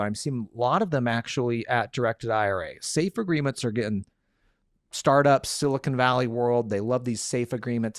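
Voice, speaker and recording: A man's voice: medium pitch, no room sound, clean studio sound. A man hosting a casual podcast, answering listener questions in an upbeat, joking way. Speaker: podcast host and lawyer.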